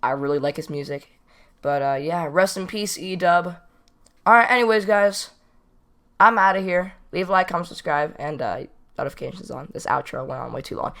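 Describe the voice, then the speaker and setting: A man's voice: on the high side, moderate pace, vocal fry. A teenage boy casually telling a story from school, rambling and repeating himself as he goes. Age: teens. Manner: rambling, repeats "not even kidding". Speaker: storytime vlogger.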